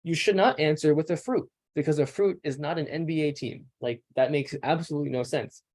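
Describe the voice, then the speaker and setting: A man's voice: on the high side, a little fast, a little mellow. A young man teaching a casual lecture, talking loosely with frequent fillers and restarts. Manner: loose, conversational, many "like"s and restarts. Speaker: instructor.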